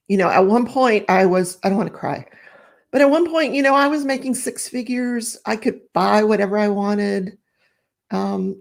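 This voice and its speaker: A woman's voice: mid-range voice, normal speed, gravelly. Chatty middle-aged woman crafting live. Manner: chatty and rambling, reads viewer comments aloud, laughs often. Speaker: live stream crafting host. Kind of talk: casual live stream chat.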